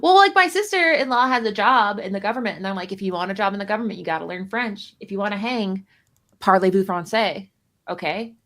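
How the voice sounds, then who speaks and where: A woman co-hosting a live stream chats casually about a card game, rambling and self-deprecating with a jokey edge. Her medium-pitched voice is expressive and a bit bright, moving quickly with few pauses.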